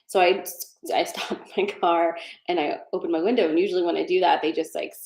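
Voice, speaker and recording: A woman's voice: fairly low pitch, fairly even intonation, brisk, a little mellow. Woman, tarot reader, casual live-stream chat, digressive, laughs a lot, echoey. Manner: chatty and digressive, laughs often. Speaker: tarot card reader hosting a live session. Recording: roomy echo.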